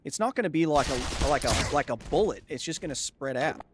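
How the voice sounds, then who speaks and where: Excitable man streaming a shooter game. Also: on the high side, a little fast, noisy background. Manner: yelps in surprise, then explains science at length. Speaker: streamer playing a video game. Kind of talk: live gameplay commentary. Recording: loud game gunfire behind voice. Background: game gunfire and ambience.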